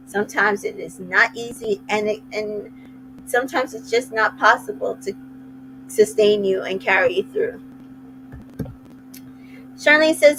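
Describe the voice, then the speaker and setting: Slow-talking chatty woman recapping. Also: on the high side, expressive, gravelly, fairly bright tone, a little hiss or hum, poor audio. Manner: chatty, retells scenes with quoted asides. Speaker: recap host. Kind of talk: casual recap chat.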